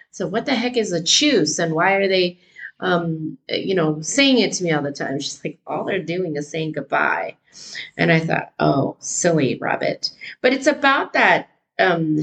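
A woman's voice: on the low side, fairly bright tone, poor audio. A woman from California, a teacher hosting a solo podcast, talking casually and thinking aloud with frequent ums and rhetorical questions.

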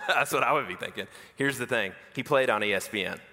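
A man preaching a sermon as an animated, self-mocking storyteller. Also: medium pitch, brisk. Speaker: pastor. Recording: reverberant hall.

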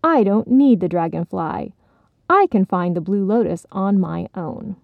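A stubborn, determined young female frog from a storybook, voiced by a woman speaking slowly and warily. The sound is dull and lo-fi, with no room echo. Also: mid-range voice, animated, gravelly. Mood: defiant. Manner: wary, eager.

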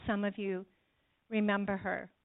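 Slow earnest woman preaching, tinny sound. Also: medium pitch, level tone, vocal fry. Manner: earnest, addresses the congregation directly. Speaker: church speaker giving testimony. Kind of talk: sermon testimony.

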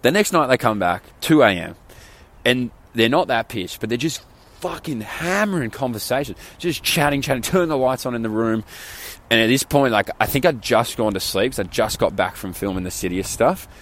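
A man's voice: mid-range voice, lively intonation, moderate pace, a bit bright. A man with an Australian accent, chatting alone on a podcast in a candid, rambling way and swearing casually. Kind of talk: solo podcast chat.

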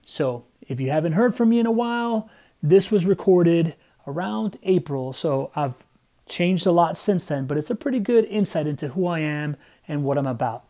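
A man giving an upbeat, energetic intro to his podcast. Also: fairly high pitch, moderate pace, dull audio. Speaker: podcast host.

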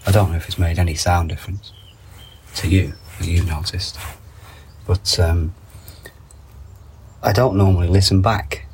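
A man's voice: low voice, darkish tone, breathy edge. A man hosting a podcast while under the weather with a cold, chatting casually with wry asides in a greenhouse and reading labels aloud. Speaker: podcast host. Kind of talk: casual rambling monologue. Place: garden greenhouse. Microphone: phone.

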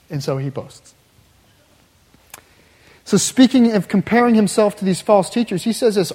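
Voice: medium pitch, animated, normal speed, pauses often, mellow. Emphatic preacher, mid-range voice, builds with repetition; big reverberant hall. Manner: emphatic, builds with repeated phrases. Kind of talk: sermon.

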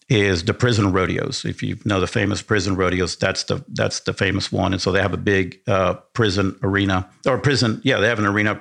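A man's voice: on the low side, gravelly, a bit bright. A man from Argentina, a podcast guest and sound engineer, telling a story in a rambling, enthusiastic way with many restarts. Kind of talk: casual storytelling.

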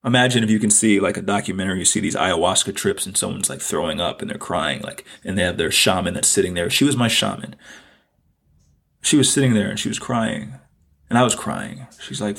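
Man, podcast host, gravelly, husky, low voice, earnest reflective storytelling. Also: fairly quick, a bit bright. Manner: earnest, reflective, repeats phrases for emphasis. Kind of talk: personal storytelling monologue.

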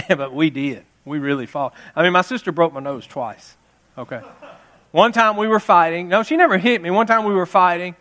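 Brief: pastor in his fifties, high voice, playful storytelling sermon full of laughs. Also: moderate pace. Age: 50s. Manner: jokey, animated, laughs at his own stories. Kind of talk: humorous Mother's Day sermon storytelling.

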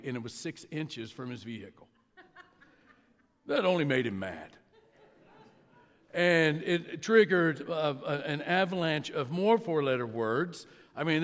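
Man preaching in a reverberant hall. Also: on the high side. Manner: storytelling, conversational with pauses. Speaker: pastor. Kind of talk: sermon. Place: church sanctuary. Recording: long reverb of a large hall.

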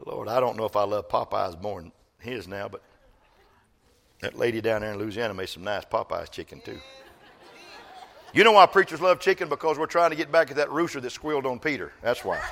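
An older man, a grandfather, preaching a sermon as pastor, swinging from loud exhortation to soft, slow storytelling. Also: mid-range voice, wildly swooping pitch, gravelly, some chatter behind, a little hiss or hum.

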